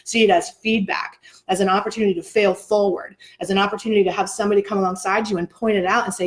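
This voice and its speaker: A woman's voice: mid-range voice, fairly even intonation, fast talker, few pauses. A woman co-hosting a casual motivational chat, earnest and encouraging, acting out the voices she quotes. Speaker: co-host, coach.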